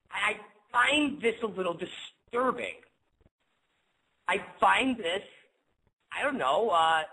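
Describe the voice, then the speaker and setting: A man's voice: sits high, pushed and bright, husky, poor audio. A man hosting a webcast, telling a story in a rambling, profane rant full of repeats and restarts. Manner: rambling, repetitive, swears often, stumbles over words. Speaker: webcast host.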